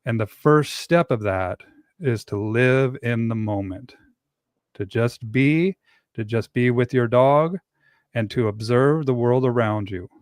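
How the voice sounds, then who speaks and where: A man talks in a relaxed podcast chat, his pitch sitting in the middle range. He explains his ideas slowly and reflectively. The recording sounds dry and close, with no room echo. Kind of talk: casual podcast conversation.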